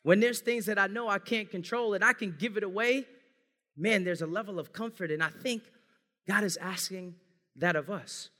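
A man's voice: sits high, normal speed, pushed and bright. A man preaching an earnest sermon as pastor, speaking to his congregation as family. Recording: long hall reverb.

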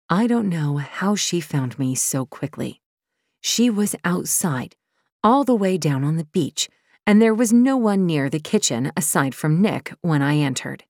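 A woman's voice: low-pitched, a little mellow, no room sound. A woman giving tense, intense first-person audiobook narration, close to the mic. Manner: tense and intense, rising sharply when voicing the heroine.

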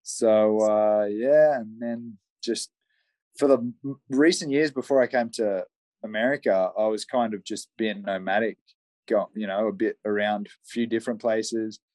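A man's voice: on the low side, fairly even intonation, measured pace, a little mellow, no echo. A young man from Queensland with an Australian accent, talking casually and rambling over a remote call from a shed. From Australia, Southeast Queensland. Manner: rambling, friendly, many fillers. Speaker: guest on a call. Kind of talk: casual conversation. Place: backyard shed.

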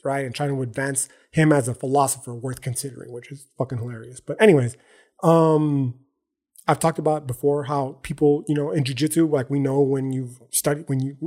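A podcast host talks alone in a casual, profane, slangy and emphatic way, constantly tagging sentences with "right?" and "okay?". His voice is fairly high-pitched with a darkish tone.

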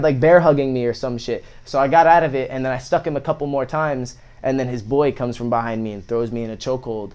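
A young man tells a story in loose, casual talk, swearing freely. He jumps into the voices of the people in the story. His pitch sits in the middle of the male range. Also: fairly quick, few pauses, clear, resonant tone. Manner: profane, animated, acts out quotes. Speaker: guest telling a story.

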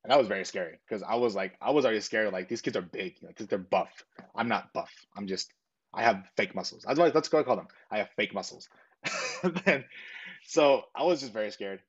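A young man recounts his past in a relaxed, rambling way, leaning on "um" and "like" and acting out both sides of old conversations. His voice sits on the low side. The recording is a bit dull and muffled. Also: fairly quick, slightly rough. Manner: earnest, rambling with frequent fillers and self-quotes. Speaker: interviewee. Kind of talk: casual storytelling.

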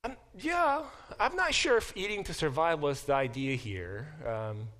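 A middle-aged man teaching a class, explaining with lively examples and frequent restarts. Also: fairly high pitch, a little slow. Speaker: professor teaching a Bible class. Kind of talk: classroom lecture.

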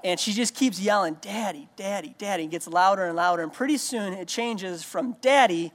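A man's voice: high-pitched, a little fast, a bit bright. A man preaching a sermon as pastor, telling personal stories in a conversational way with many restarts. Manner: conversational storytelling, frequent restarts. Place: church sanctuary. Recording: long reverb of a large hall.

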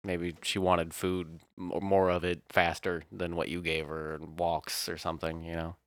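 A man's voice: low-pitched, flat delivery, normal speed, no echo, clean studio sound. A man co-hosting a podcast in casual chat, crude and joking, laughing often. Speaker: podcast co-host.

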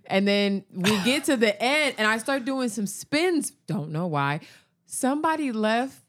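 A woman's voice: on the high side, lively intonation, unhurried, fairly bright tone, dry recording, clean studio sound. A young adult woman co-hosting a podcast, telling stories in casual chat, laughing often and swearing freely. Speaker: podcast co-host.

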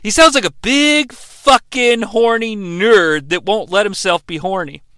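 Speaking a little slowly in a high-sitting voice, an American man co-hosts a podcast and gives a casual comedic recap of a TV episode. His tone is bright, forceful, clear, and resonant, and he swears, jokes, and puts on mocking voices. The recording is dry.

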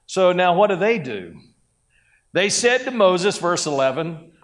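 Male pastor, unhurried sermon delivery, higher-pitched voice, conversational with acted quotes. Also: very animated, fairly bright tone.

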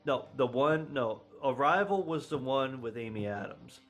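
A man trades jokes with a friend while a movie plays. His voice swings widely in pitch as he riffs and laughs. The talk is loose and casual. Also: animated, normal speed, fairly bright tone, soft background music. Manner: joking, riffing, laughs often. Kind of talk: casual movie-watching commentary.

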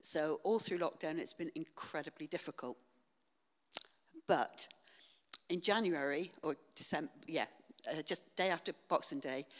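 An older woman giving a personal church testimony in an earnest, halting way with many pauses and fillers. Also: sits low. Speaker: church member sharing testimony. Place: church hall. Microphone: shared handheld mic. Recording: echoey church hall.

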